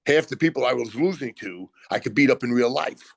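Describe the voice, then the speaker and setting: An older man telling animated stories as a guest, acting out other people's lines in quotes. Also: mid-range voice, brisk, vocal fry, dry recording. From Brooklyn, USA. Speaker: retired pro wrestler guest. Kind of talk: animated storytelling.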